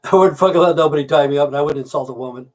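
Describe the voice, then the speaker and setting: This trucker, hosting a livestream, fires off a long crude joke in rapid-fire fashion, rambling and cursing throughout. His pitch is a bit high.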